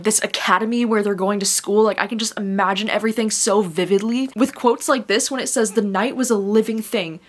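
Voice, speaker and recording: A young woman records a casual reading vlog from her bed at home. She gushes over a book with excitable energy and swears freely. Her voice sits at an everyday middle pitch. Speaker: book vlogger.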